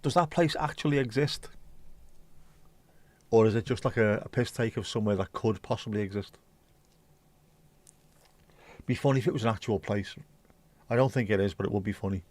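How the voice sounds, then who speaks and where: A man's voice: on the low side, normal speed, pauses often, a little mellow, dry recording. An Irish man hosting a livestream, chatting casually and reading out viewer comments in a blunt, mocking way, with plenty of swearing. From Ireland. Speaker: livestream host.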